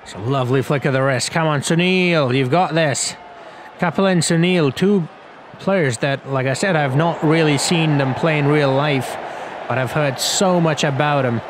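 A young man giving rambling, casual play-by-play commentary over a cricket video game, getting excited on big shots. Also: on the high side, moderate pace. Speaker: gaming commentator. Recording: loud crowd and game noise behind.

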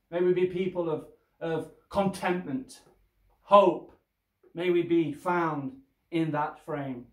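A man preaching a sermon as pastor, slow and deliberate, pressing his listeners with rhetorical questions. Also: a little high, darkish tone, reverberant.

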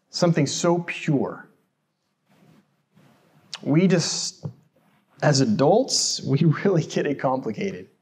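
Preaching in church, this pastor from the United States has a voice on the higher side. His style is chatty and self-deprecating, and he often asks the congregation rhetorical questions.

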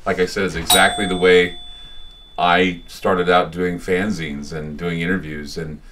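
Deep-voiced man rambling from across a room. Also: level tone, a little slow, far from the mic, noisy background. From United States. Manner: rambling, chatty storyteller with many restarts. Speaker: radio host giving a talk. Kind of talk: casual public talk with anecdotes. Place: small bookstore, indoors.

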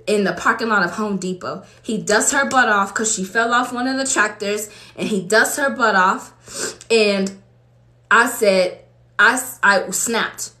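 A woman's voice: mid-range voice, bright, forceful tone. A woman preacher from Los Angeles giving a fervent, conversational testimony sermon to her congregation in a church. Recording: echoey room.

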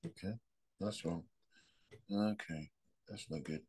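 A podcast host with a low, dark voice and a breathy edge takes his time, speaking slowly. His casual monologue is a ramble of humorous anecdotes that he laughs at himself.

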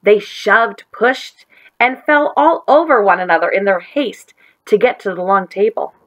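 A woman teacher reading a chapter book aloud to children in a gentle, expressive way. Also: mid-range voice, measured pace, lo-fi sound.

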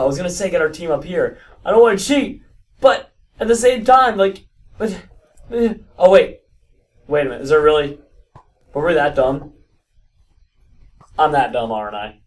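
Guy with a higher voice yelling and stammering over a game, kinda far from the mic. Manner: animated, stammering restarts, frequent exclamations. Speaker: gaming video host. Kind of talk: excited gameplay commentary.

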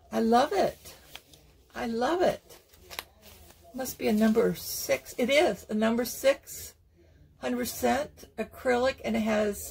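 Slow-talking gravelly older woman. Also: a little high, slight background noise. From Florida. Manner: chatty, gushing, many ums. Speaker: craft vlogger. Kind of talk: casual unboxing chat. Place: home sewing table.

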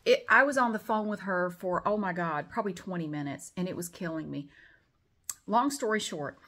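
A middle-aged woman with a drawl tells a long story straight to her camera at home. She sounds exasperated and animated, and she slips into lively retellings as she goes. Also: fairly low pitch, normal speed. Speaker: vlogger.

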